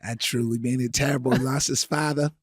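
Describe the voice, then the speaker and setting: A man's voice: a little high, fairly even intonation, dry recording, clean studio sound, close to an everyday voice. Man puts on an old Boston neighbor: winded, airy, thick accent, drawn out. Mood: hammy. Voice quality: slow drawl, a little breathy. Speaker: co-host. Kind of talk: comedic podcast chat.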